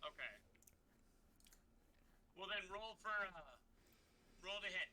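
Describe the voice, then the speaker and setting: A man running a tabletop game as game master, describing the action in lively, vivid scenes. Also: high-pitched, slow pace, poor audio. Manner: lively, vivid scene-painting with acted sound effects.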